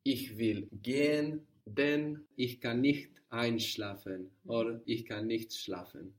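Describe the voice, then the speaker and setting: A man teaching a guided language lesson, patiently prompting and repeating answers slowly. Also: mid-range voice, fairly even intonation, distant mic.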